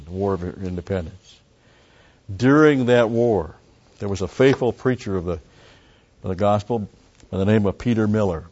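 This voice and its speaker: A low-pitched pastor works through scripture verse by verse, slowing down and rising in pitch to stress key words. The recording sounds slightly muffled. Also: male voice, darkish tone. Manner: deliberate, pausing, with emphatic rises. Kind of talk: expository sermon.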